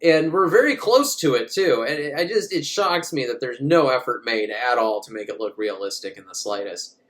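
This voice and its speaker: A man's voice: mid-range voice, expressive, normal speed, fairly bright tone. A man recapping a movie in a casual, comic way, rambling, swearing and often laughing. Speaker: movie reviewer.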